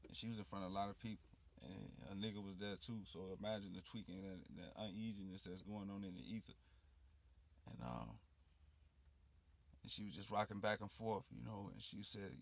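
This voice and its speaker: Low, gravelly man spinning a loose street-slang personal story, dry and close. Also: animated, normal speed, long pauses, a bit bright, no room sound. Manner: loose, rambling street slang with frequent asides. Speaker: poet and channel host.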